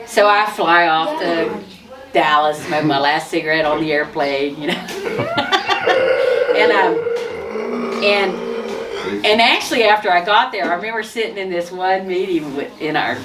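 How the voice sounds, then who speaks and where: A woman telling her personal testimony in a lively way, often laughing and restarting her sentences. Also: on the low side, moderate pace, a crowd in the background. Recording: distant mic with noise.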